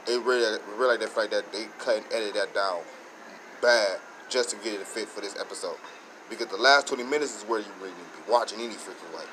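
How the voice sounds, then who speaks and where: Rambling low-voiced man reviewing a show. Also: fast talker, slight background noise, rough recording. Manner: rambling, excited, many restarts. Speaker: show host reviewing episodes. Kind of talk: casual solo review.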